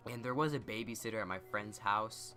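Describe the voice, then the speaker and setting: Teen male vlogger, low-pitched, bright forceful tone, casual rambling storytelling. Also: a little fast, faint music behind. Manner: rambling, lots of "like" and "you know". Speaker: YouTuber.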